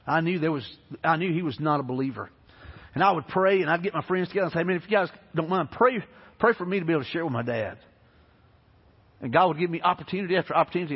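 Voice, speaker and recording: Earnest preacher in a hall. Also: male voice, fairly high pitch, breathy edge. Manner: earnest, conversational preaching with repeated restarts. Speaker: pastor. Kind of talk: sermon. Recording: lo-fi, long reverb of a large hall.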